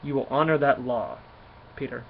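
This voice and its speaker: A man's voice: medium pitch, expressive, moderate pace, creaky, muffled recording, slight background noise. A man reading out a stern alien king. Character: stern middle-aged alien king and father.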